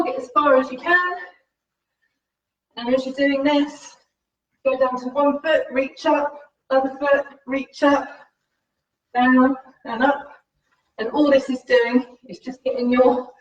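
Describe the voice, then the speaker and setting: A woman fitness instructor leading a live-streamed home workout, upbeat and encouraging, slightly out of breath as she exercises while talking. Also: high voice. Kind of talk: live-streamed workout class with faith reflection. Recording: roomy, distant, dull livestream audio.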